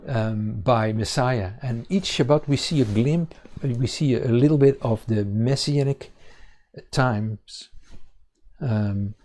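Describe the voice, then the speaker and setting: A man teaching a congregation on scripture, pausing often with fillers and restarting his sentences. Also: mid-range voice, a little mellow. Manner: halting, many fillers and restarts. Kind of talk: bible teaching.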